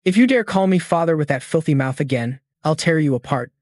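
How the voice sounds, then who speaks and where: A contemptuous old clan elder speaks with open scorn and threats, voiced by a man narrating a recap. The voice sits fairly high for a man. The sound is close and dry. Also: lively intonation, fairly quick, a little mellow, dry recording, natural voice. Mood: scornful.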